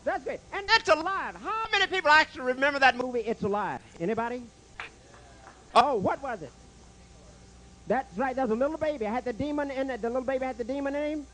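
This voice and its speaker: A man doing a stand-up comedy set in a club, jokey and animated, stammering through restarts and bantering with the crowd and the waiter. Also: very high voice, quick pace.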